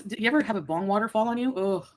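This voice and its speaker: A woman's voice: medium pitch, very fast, a little mellow. Woman reading chat comments aloud. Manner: reads viewer comments aloud, chuckling. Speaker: livestream co-host. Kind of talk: casual livestream chat.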